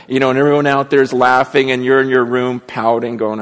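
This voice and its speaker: Brisk and barely pausing, this man's medium-pitched voice stays fairly level as he preaches to his flock, the church sanctuary lending a roomy sound. The pastor is candid and rambling, self-deprecating, and keeps restarting his sentences.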